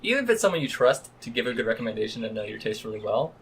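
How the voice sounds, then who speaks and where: A man co-hosting a podcast, talking quickly and laughing easily in casual chat. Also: mid-range voice, big pitch swings, creaky, husky. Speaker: podcast co-host.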